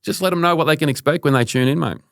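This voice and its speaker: A man co-hosting a podcast in quick, jokey, casual banter. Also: a little high, creaky, no echo, clean studio sound. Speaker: podcast co-host.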